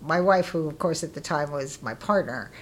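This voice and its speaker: A middle-aged woman being interviewed, telling stories in a casual, lively way and acting out what people said with bursts of laughter. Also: low voice, normal speed. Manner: lively, acts out quoted voices with laughter. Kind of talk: casual storytelling.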